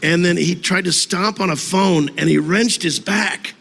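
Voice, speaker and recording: Man, fairly high voice, easygoing interview talk, earnest, long echoing reverb. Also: normal speed, creaky, fairly bright tone. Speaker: interview guest. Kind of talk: casual interview reminiscing.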